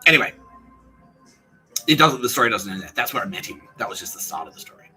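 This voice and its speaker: Sweary man ranting, bright edge. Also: fairly low pitch, very animated, quick pace, faint music behind, low-quality recording. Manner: profane, ranting, acts out quoted dialogue in brief voices. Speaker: podcast host. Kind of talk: casual podcast monologue.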